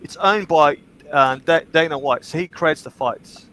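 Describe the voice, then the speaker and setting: A man with a slightly high voice hosts a livestream in casual chat. He tells stories bluntly and swears freely, and his talk rises into animated bursts. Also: unhurried, slight background noise, poor audio. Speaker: livestream host.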